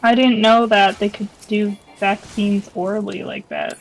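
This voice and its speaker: A woman's voice: mid-range voice, fairly even intonation, unhurried, poor audio. A woman chatting casually as a co-op gaming partner, playful and giggly. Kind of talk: casual chat while gaming. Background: faint game music.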